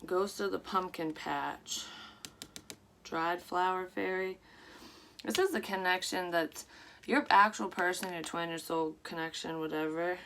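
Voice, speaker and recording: Talking to camera, a woman gives her viewers a rambling, casual psychic tarot reading, blunt and liberal with swear words. She speaks at a measured pace in a lowish, a bit bright voice with fairly even intonation. There's slight background noise.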